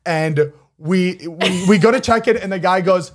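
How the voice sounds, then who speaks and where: A man's voice: high voice, measured pace. A young man co-hosting a podcast, telling a travel story in casual chat and laughing often. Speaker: podcast co-host.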